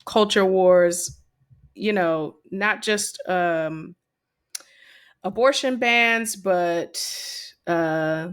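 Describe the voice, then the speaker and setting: A woman's voice: lowish voice, drawn-out words, smooth. A woman from the United States co-hosting a podcast, speaking emphatically and finishing her co-host's points. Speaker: podcast co-host. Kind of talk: casual chat.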